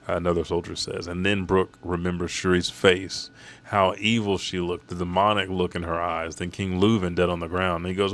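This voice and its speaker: Casual: deep voiced dude recapping manga, cusses a lot, gets hyped n yells at characters. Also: male voice, normal speed. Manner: excited, swears freely, talks to the characters. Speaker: channel host recapping a manga chapter.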